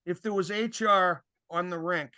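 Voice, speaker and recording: A man's voice: sits high, normal speed, smooth. An older man, a former referee, telling stories in a casual podcast chat and acting out the quoted exchanges. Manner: animated storyteller, acts out quoted exchanges, chuckles often.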